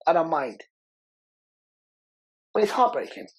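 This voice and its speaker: A man's voice: on the high side, big pitch swings, measured pace, husky, poor audio. A man speaks earnestly as a podcast guest. He talks with raw, passionate conviction and hammers his points home by saying them again and again. His delivery feels heartfelt and conversational rather than rehearsed. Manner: passionate, repeats words for emphasis. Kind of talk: emotional interview conversation.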